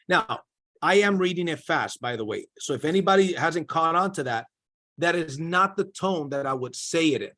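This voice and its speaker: A man's voice: on the high side, lively intonation, moderate pace, sharp tone. A man coaching a sales team on a video call, talking in an emphatic, direct way and repeating his key points. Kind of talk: motivational sales training.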